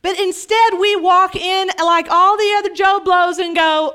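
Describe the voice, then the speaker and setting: Lively, bright-voiced woman preacher. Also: very high-pitched, unhurried. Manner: animated, acts out scripture dialogue with humor. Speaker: pastor. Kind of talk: sermon.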